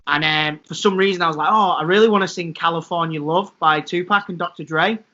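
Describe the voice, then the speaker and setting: A man's voice: on the high side, fairly even intonation, a little fast, sharp tone. A man co-hosting a podcast, chatting casually and joking between anecdotes. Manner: joking, laughs between lines. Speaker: podcast co-host. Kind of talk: casual chat. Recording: dull lo-fi recording.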